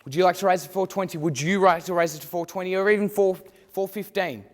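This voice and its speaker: A man's voice: high voice, quick pace. A man calling bids in a theatrical mock auction, repeating his prompts to the crowd. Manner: theatrical, repetitive bid calling. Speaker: student auctioneer. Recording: long hall reverb.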